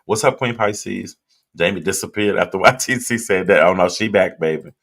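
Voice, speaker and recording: Deep-voiced man chatting on a livestream. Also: moderate pace, creaky, fairly bright tone. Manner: loose, chatty, talks straight to viewers. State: drinking while streaming. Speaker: livestream host reading viewer comments. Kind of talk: casual live chat.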